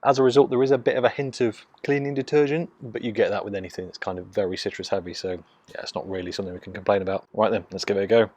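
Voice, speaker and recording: A man, from Nottingham, casually reviewing a beer in hushed, half-whispered tones, recorded on a phone mic out in his garden. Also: on the low side, steady tone, very fast, few pauses, slightly rough, dry recording. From Nottingham, England. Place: outdoors in a home garden.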